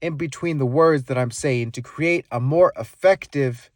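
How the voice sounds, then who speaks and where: A man teaching speaking skills, demonstrating volume, pitch and pauses as he explains them. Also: a little mellow, no room sound, clean studio sound. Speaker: speaking coach. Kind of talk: instructional monologue with live demonstrations.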